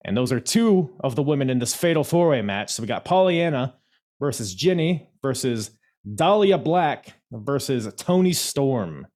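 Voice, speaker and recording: A man hosting a podcast in casual wrestling chat, talking in a halting way with many fillers and restarts and laughing easily. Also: mid-range voice, very animated, a little mellow. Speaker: podcast host.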